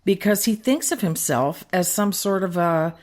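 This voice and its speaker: A woman from Canada co-hosting a casual podcast chat from home, speaking in a thoughtful, measured way. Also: on the low side, darkish tone. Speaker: podcast co-host. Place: home living room.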